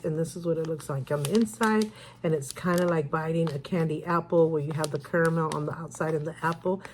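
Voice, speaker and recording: A woman's voice: fairly low pitch, a little mellow, slight background noise. An older woman chatting casually in a shopping haul vlog, rambling and correcting herself as she shows what she bought. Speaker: haul vlogger.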